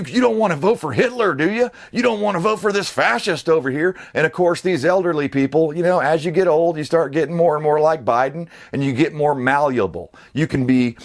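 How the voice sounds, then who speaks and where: Blunt, rambling man. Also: fairly high pitch. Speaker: online political commentator. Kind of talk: casual political rant.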